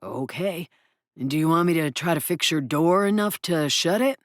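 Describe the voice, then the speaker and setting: A steady male friend, read by a woman narrator, speaks slowly in a low voice with a lot of lift in it. He keeps an even, patient tone, like a character in an audiobook. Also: dry recording, studio quality. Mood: calm. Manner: slow, measured.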